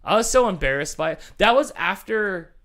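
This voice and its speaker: A man hosting a live game show, telling a rambling, self-mocking story in a casual, animated way and often laughing at himself. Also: sits high, normal speed, creaky.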